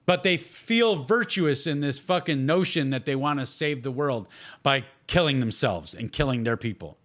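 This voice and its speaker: A man's voice: medium pitch, animated, moderate pace, fairly bright tone. A man hosting a solo podcast, talking bluntly with heavy swearing and sarcasm. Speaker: podcast host.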